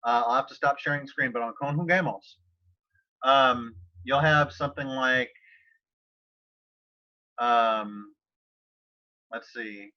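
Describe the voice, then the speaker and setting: A man's voice: medium pitch, takes it slowly, long pauses. A man teaching a Spanish class over a video call, talking casually with many fillers and restarts. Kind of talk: casual online tutoring session. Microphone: computer mic on a video call. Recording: slightly dull video-call audio.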